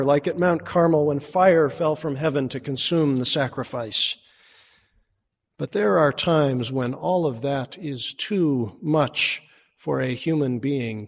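Man preaching with dramatic hushes. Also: fairly high pitch, big-room sound. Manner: dramatic shifts between strong and hushed delivery. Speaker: pastor. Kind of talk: sermon.

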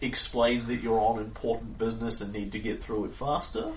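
A man's voice: lowish voice, brisk. Game master guy, chill and rambly, echoey room far from the mic, faint hiss. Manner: relaxed narration with fillers. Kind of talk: narrating a tabletop game.

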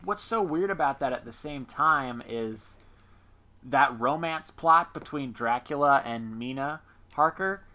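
A man co-hosting a casual movie review chat, joking and acting out characters in quick asides. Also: mid-range voice. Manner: animated, jokey, acts out characters in quick asides.

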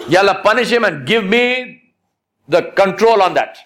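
A preacher voicing a stern male prophet who gives forceful commands. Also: high-pitched, expressive, normal speed, voice pushed up. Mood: commanding.

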